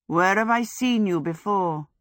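A woman's voice: mid-range voice, a little slow, dry recording, close to an everyday voice. A woman voicing a flamboyant young male wizard who talks in an offhand drawl. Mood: puzzled.

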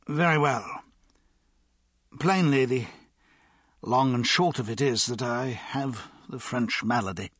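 A man voicing an anxious, embarrassed Victorian gentleman in an audiobook, with a halting, pleading manner. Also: husky, no room sound, clean studio sound. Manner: halting, pleading, raised pitch.

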